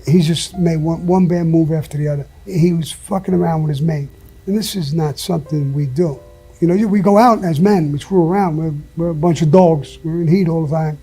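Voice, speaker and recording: Fairly quick and on the high side, this man's mellow, husky voice is heard with faint music behind it. He's a guest in an interview, swearing a lot as he tells emphatic, blunt stories and sometimes laughing partway through.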